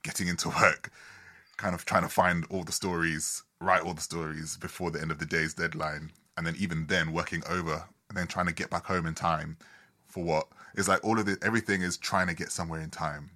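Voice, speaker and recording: A man's voice: low voice, fairly even intonation, fairly quick, bright, forceful tone. A man hosting a casual conversation, rambling and reflective with frequent restarts. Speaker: podcast host.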